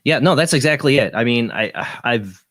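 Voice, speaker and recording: A man's voice: medium pitch, lively intonation, normal speed, fairly bright tone, no room sound, clean studio sound. A man hosting a radio talk show, chatting casually and rambling with many restarts. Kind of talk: casual interview chat.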